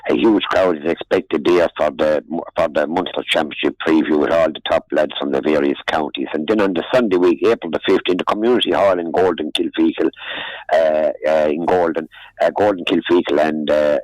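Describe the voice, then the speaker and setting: A man's voice: a bass voice, a little fast, a little mellow, dry recording, poor audio. An older Irish man chatting on local radio in a rambling, folksy way, often calling the host "friend". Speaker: regular radio contributor. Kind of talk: casual local news chat. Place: radio studio or phone-in.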